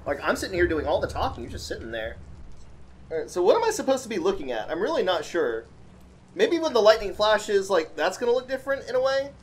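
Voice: mid-range voice, very animated, fast talker, breathy edge. A let's play host giving casual, joking gaming commentary, chatting with viewers and teasing the game's characters.

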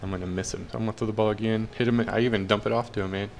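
A man's voice: lowish voice, steady tone, racing, creaky, slight background noise. A young man casually commentating his own football video game, cheering and groaning at the plays. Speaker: gaming commentator.

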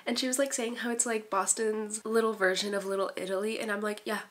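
A woman's voice: mid-range voice, steady tone, fast talker. A young woman chatting casually on a book vlog, gushing and giggly as she talks. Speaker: book vlogger.

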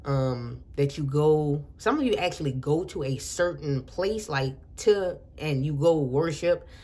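A woman's voice: sits low, lively intonation, a little slow, warm tone. Chatty woman giving a tarot reading. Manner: rambling and chatty, with frequent restarts. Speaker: tarot reader. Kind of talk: casual intuitive tarot reading.

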